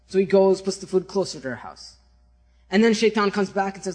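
A man tells a story as a sermon, speaking fast in a high-pitched voice with a husky edge. He stays animated and conversational, checking in with his listeners again and again.

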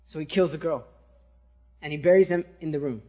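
A man preaching, telling a story in an animated, conversational way and checking in with his listeners. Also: a little high, fairly quick. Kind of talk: sermon storytelling.

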